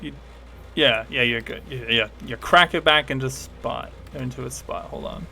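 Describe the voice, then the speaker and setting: A man narrating a tabletop game as game master in a casual, animated storytelling way. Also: mid-range voice, moderate pace, vocal fry, a little hiss or hum.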